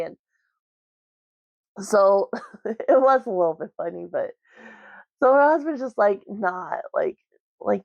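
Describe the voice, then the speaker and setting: A woman's voice: mid-range voice, sing-song, a little slow, vocal fry, pauses often, no echo. Chatty woman book vlogger, dry sound. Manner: chatty, rambling, heavy on "like" and "um". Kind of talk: casual book review chat. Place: at home. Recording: dry, slightly muffled recording.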